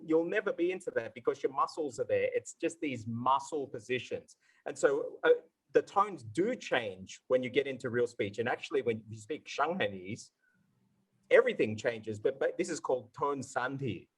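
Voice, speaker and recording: An enthusiastic man teaching in a live question-and-answer session, talking at an average pitch. He explains with energy and keeps sounding out syllables to demonstrate each point. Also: slightly rough, poor audio. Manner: enthusiastic, demonstrative, repeats syllables to show tones. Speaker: Mandarin tone instructor answering questions. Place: online event session.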